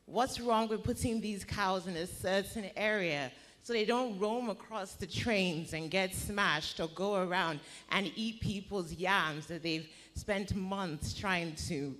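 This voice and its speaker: A woman's voice: on the low side, a bit bright. A woman radio presenter, slightly out of breath, asking impassioned rhetorical questions from the gallery of a large conference hall.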